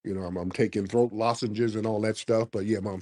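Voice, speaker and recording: A man hosting a casual live stream while hoarse from a cold, talking in slang and calling out to his viewers. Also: on the low side, steady tone, fairly quick, darkish tone. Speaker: livestream host. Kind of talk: casual livestream commentary.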